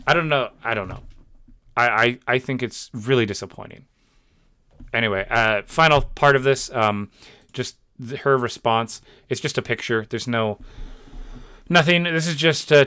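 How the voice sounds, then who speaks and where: A man's voice: medium pitch, sharp tone, smooth, dry recording, studio quality. A young man hosting his own channel, giving a frustrated commentary rant with lots of fillers and repeated words. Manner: exasperated, repeats himself, many fillers.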